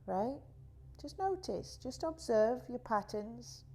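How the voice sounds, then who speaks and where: A woman teaching a guided yoga class, talking in a slow, soothing, drawn-out way. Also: fairly high pitch, very animated, dark tone. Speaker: yoga instructor.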